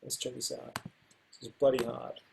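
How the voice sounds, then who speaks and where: A man teaching music in a casual way, stepping through rhythms by voicing them on repeated syllables with loud and soft accents. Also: mid-range voice, monotone, normal speed, gravelly, a little hiss or hum. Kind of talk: casual instructional talk.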